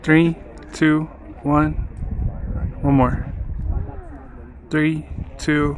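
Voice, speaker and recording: A man's voice: fairly high pitch, level tone, extremely slow. A man walking a hilltop ruin and talking casually to camera, out of breath from the climb and musing aloud as he goes. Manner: breathless, chatty, wondering aloud. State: out of breath at altitude. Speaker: travel vlogger. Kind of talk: casual vlog narration. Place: outdoors at hilltop ruins. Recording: outdoor noise behind the voice.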